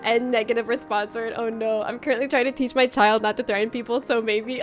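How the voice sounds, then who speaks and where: A woman's voice: on the high side, level tone, a little fast, hardly any pauses, over loud music. A woman hosting a casual livestream from a room at home, reading out viewer comments in a playful, teasing way and laughing often. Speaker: livestream host.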